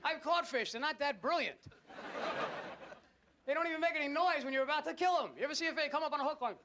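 Male stand-up, very high and frantic, lo-fi club tape, big crowd laughter and noise. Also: fast. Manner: ranting, incredulous, loud and animated. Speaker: stand-up comedian. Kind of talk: stand-up comedy routine. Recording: lo-fi live club recording with loud crowd. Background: audience laughter.

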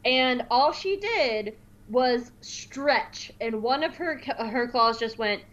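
A woman co-hosting a podcast, chatting casually, laughing often and acting out quotes in squeaky voices. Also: animated, slow, fairly bright tone, dull audio. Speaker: podcast co-host. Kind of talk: casual chat, recapping an episode.

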